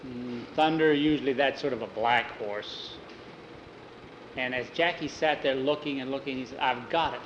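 A man telling a homespun story aloud in a relaxed, plain-spoken way. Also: mid-range voice, moderate pace, muffled recording. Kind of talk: folksy oral storytelling. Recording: echoey room, faint traffic.

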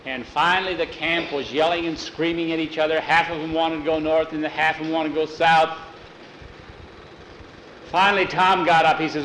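A man spinning a frontier yarn in a folksy, unhurried storytelling manner. His voice sits a little high and rings around an echoey room. A faint hum lies under the recording. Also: fairly even intonation, fairly bright tone. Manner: homespun, leans on repeated "he says" and "finally". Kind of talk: oral storytelling.

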